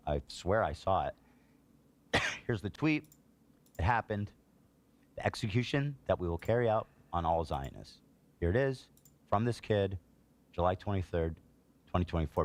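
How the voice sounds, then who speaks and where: A low-pitched man delivers heated political commentary on a live stream. He sounds exasperated and indignant, reading out online posts and then tearing into them. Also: darkish tone. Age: adult, a parent.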